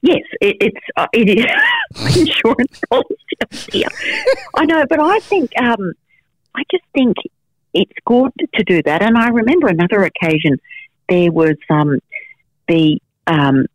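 A woman's voice: mid-range voice, wildly swooping pitch, a little slow, no echo, poor audio. A middle-aged woman, a journalist telling frank stories in an interview, with lots of fillers and restarts. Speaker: investigative journalist, guest. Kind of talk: storytelling interview answers.

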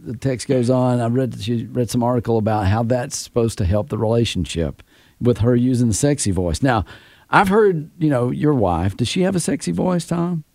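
A man's voice: mid-range voice, normal speed, vocal fry, no room sound, clean studio sound. A man hosting a casual radio show, reading listener messages and laughing a lot. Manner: animated, laughs often, reads listener letters aloud. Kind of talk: casual morning show banter.

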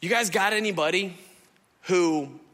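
A man preaching a sermon as pastor in a conversational, animated way, acting out little asides to the congregation. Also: high-pitched, a little slow, long reverb tail.

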